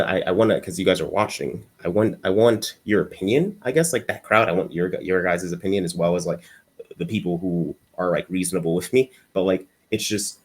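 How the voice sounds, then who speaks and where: A man's voice: low voice, husky. A man giving an unscripted commentary monologue for a video essay. He rambles and stutters, restarting his sentences often.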